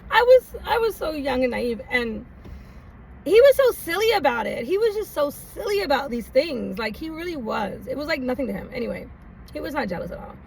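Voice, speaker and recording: High-voiced woman rambling through a laughing story. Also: big pitch swings, fairly quick, gravelly. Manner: laughs often, rambling with many fillers. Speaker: vlogger. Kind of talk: casual storytime monologue. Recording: distant mic, faint background noise.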